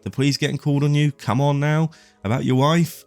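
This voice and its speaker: A man's voice: fairly high pitch, steady tone, a little fast, darkish tone, no echo, soft background music. A man in his late twenties giving opinionated, casual sports commentary to his viewers. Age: late 20s. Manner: opinionated, talks straight to the viewer.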